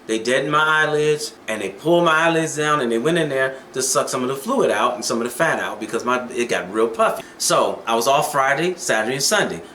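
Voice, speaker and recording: Man, casual vlogger, bright and a bit high, storytelling, echoey room. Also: slight background noise. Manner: storytelling, preachy, conversational. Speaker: dating advice vlogger. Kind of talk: casual vlog monologue.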